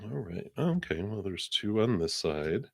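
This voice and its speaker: A man's voice: on the low side, a little slow, gravelly, slight background noise. A middle-aged man hosting a live tarot card reading, chatting casually with viewers and thanking donors. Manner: relaxed and chatty, thanks donors, many fillers.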